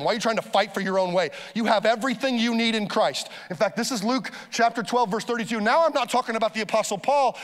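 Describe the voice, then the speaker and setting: A man preaching a sermon as pastor, energetic, with urgent appeals and calls for the congregation to respond. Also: high-pitched. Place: church auditorium. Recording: live sermon in a large reverberant hall with faint music.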